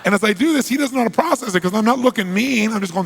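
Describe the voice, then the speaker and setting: A middle-aged man telling a story to an audience in an animated way, dropping to low asides and breaking into loud bursts. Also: racing, gravelly, slight background noise.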